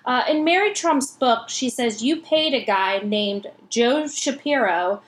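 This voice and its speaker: A man's voice: extremely high pitch, lively intonation, unhurried, fairly bright tone, exaggerated voice. A man voicing an eager female news reporter asking a question.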